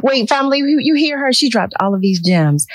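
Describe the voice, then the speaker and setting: A woman host on a radio talk show, her voice dry and close to the mic. She talks in an animated, emotional way and laughs often. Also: fairly high pitch, fairly quick, dry recording.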